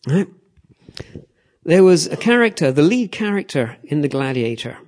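A man's voice: a little high, normal speed. A man preaching animatedly, often checking in with the audience. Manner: animated, repeats "okay? all right?" to the audience. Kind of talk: sermon.

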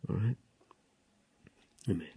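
A man's voice: takes it slowly, warm tone. A man giving an informal, chatty reflection at a church gathering, correcting himself as he goes and acting out the dialogue he retells. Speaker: church member sharing a reflection.

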